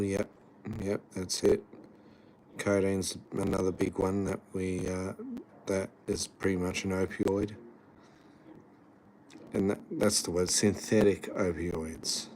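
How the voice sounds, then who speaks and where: A man with a very deep voice drawls slowly through a laid-back, profane livestream chat with his viewers. A faint background hum sits under his talk. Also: a little mellow.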